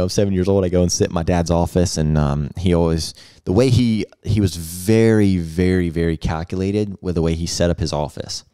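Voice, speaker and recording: A man hosting a casual podcast, telling a childhood story with laughs and acted-out quotes. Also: low voice. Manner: lively, laughing, acts out quotes. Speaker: podcast host.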